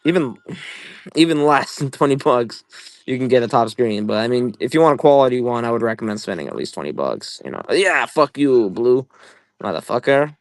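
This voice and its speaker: A young man hosting a casual live-selling stream, profane and excitable as he pitches items while playing a game. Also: moderate pace, no echo. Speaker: livestream seller.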